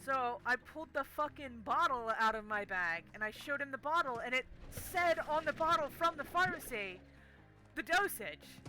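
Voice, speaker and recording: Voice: sits high, animated, normal speed, bright, forceful tone, soft background music, rough recording. A young adult game streamer telling a story casually while playing, swearing constantly in an exasperated rant.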